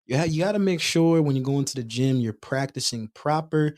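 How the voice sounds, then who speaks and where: A man's voice: mid-range voice, brisk, darkish tone. A man co-hosting a podcast, telling jokey stories in casual chat. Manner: joking, storytelling with acted quotes. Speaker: podcast co-host.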